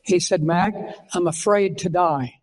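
A man's voice: sits high, a little slow, low-quality recording. An older man from Texas with a Texan accent, a pastor telling stories in a folksy, earnest sermon style, acting out the dialogue.

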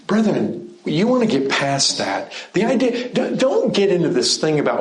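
Animated man preaching in an echoey room. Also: sits high, a little slow. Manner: animated, conversational preaching with rhetorical questions. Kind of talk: sermon.

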